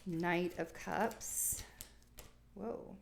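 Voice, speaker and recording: A woman's voice: on the low side, drawn-out words, vocal fry, slight background noise. A young adult woman giving a casual tarot reading, talking in a rambling, reassuring way with lots of fillers and restarts. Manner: rambling, reassuring, thinks aloud with many fillers. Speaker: tarot reader.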